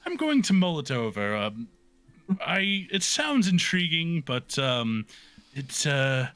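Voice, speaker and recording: A man voicing a gentle, formal, trunked male student knight who talks in a polite, hesitant, proper way. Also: fairly high pitch, big pitch swings, takes it slowly, clean tone, voice pushed up, heavily acted.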